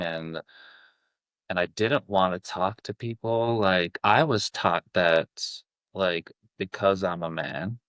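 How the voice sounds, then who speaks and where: A man, a guest coach, telling a deeply personal story, halting and full of restarts and fillers. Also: a bit bright, dry recording. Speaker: self-love coach, guest.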